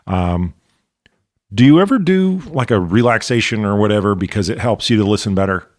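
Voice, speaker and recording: A man's voice: lowish voice, lively intonation, brisk, a little mellow, no echo. Thoughtful male podcast host, dry sound. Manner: thoughtful, builds ideas, then checks them with questions. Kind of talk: casual interview chat.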